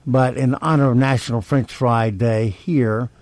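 Slow-talking man hosting a show. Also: mid-range voice, no echo. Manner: relaxed, chatty, with hesitations. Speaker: radio host. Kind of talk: casual talk show.

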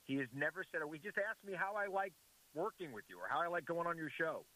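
A man's voice: fairly high pitch, animated, fast talker, bright, forceful tone, low-quality recording. A man appearing as a guest commentator on a radio show, chatting in a friendly, earnest way. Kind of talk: casual radio chat.

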